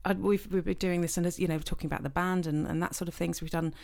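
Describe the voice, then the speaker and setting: A middle-aged woman, chatting casually as a podcast co-host, self-deprecating and quick to laugh. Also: lowish voice, steady tone, gravelly, a little mellow. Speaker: podcast co-host, choir leader. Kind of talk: casual chat.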